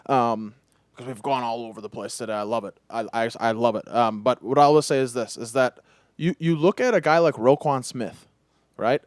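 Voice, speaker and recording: A man's voice: mid-range voice, normal speed, no echo, studio quality. A man hosting a podcast in casual chat, gossipy and full of restarts as he talks. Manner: chatty, gossipy, hesitant restarts. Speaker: podcast host.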